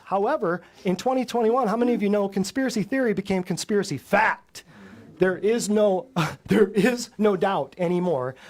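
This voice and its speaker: High-voiced, emphatic male health host. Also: darkish tone. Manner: emphatic, fires rhetorical questions at listeners; blunt and combative. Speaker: natural health show host. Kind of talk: lecture to a live audience.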